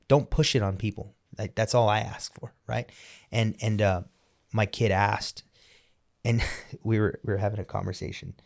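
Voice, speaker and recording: Emphatic low-voiced male podcast host. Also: fairly even intonation, gravelly, a little mellow. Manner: emphatic, opinionated, quick restarts. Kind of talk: casual conversational interview.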